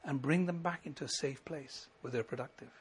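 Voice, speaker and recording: A middle-aged male pastor preaching a sermon, building to emphatic lines and then dropping to a quiet, intimate tone. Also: mid-range voice, fairly quick, husky. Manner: preaching with rising emphasis and sudden soft drops.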